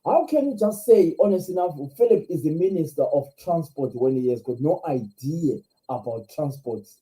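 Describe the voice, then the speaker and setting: A man's voice: fairly high pitch, lively intonation, normal speed, warm tone, rough recording. A Zimbabwean man hosting a live stream, speaking with passion, repeating himself and firing off rhetorical questions. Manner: impassioned, repetitive, rhetorical questions. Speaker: live show host.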